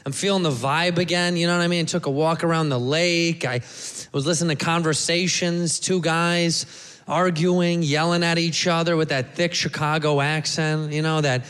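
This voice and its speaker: A man doing a stand-up comedy set, loud and brash, acting out the voices of people in his bits. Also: fairly high pitch, fairly even intonation, moderate pace, in a large hall.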